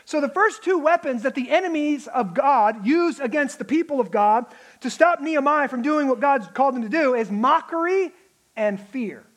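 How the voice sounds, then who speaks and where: A man preaching a sermon, animated, acting out the mocking voices of enemies. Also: very high voice, normal speed. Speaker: pastor.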